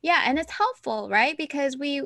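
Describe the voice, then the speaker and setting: A high-voiced podcast co-host chats casually at a normal speed, talkative and animated as she thinks aloud. The recording is dry.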